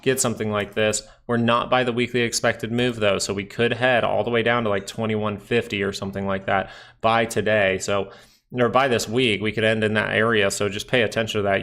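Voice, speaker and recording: A man's voice: lowish voice, a bit bright. A man hosting a live stream, casually talking through stock charts and trade setups as he looks at them. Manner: casual, thinking aloud over charts.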